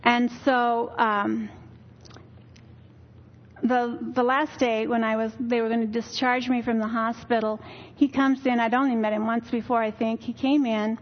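A woman's voice: on the high side, level tone, unhurried, lo-fi sound. An older woman giving a weary, earnest personal testimony in church, telling her story candidly. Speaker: church speaker.

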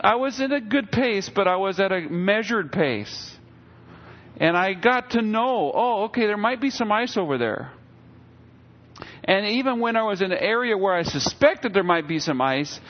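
Man preaching in a lively, conversational way. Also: sits high, lo-fi sound. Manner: conversational preaching with acted-out quotes. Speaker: pastor. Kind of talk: sermon.

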